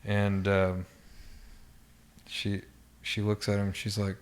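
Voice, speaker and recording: Man, deep-ish, flat delivery, subdued interview storytelling. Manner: halting, with frequent restarts and fillers. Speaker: podcast guest. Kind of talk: personal recollection in an interview.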